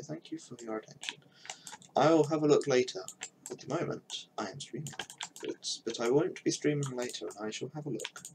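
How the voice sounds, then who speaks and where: A man's voice: medium pitch, a little mellow, slight background noise, rough recording. A young man thinking aloud in casual commentary while he builds a game map on a live stream, with mumbled asides as he works.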